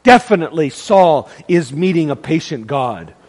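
A man preaching a sermon, calling out to the congregation and swinging between loud proclaiming and hushed, dramatic lines. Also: a little high, big pitch swings, normal speed, big-room sound. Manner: calls to the congregation.

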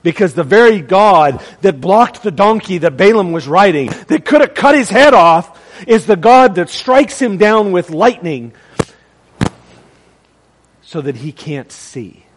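High-voiced dramatic male preacher. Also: very animated, a little slow, long reverb tail. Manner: dramatic, swings from loud to hushed; calls to the congregation. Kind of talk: sermon.

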